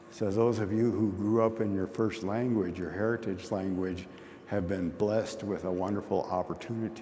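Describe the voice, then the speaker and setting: Man, low mellow voice, folksy storyteller at a conference, long hall reverb, faint hiss. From Oneida community. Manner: storytelling, folksy, plain-spoken. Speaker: conference speaker. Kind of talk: conversational talk.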